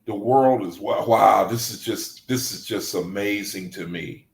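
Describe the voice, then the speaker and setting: A man reading aloud to a study group and commenting, excitable and gushing with exclamations. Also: fairly low pitch, unhurried, gravelly, reverberant, rough recording.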